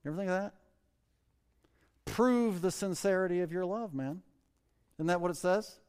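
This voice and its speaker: In a large hall, a pastor with a high-pitched, smooth, darkish-toned male voice gives a conversational sermon. He asks the congregation questions, then reads scripture slowly and explains it in plain words.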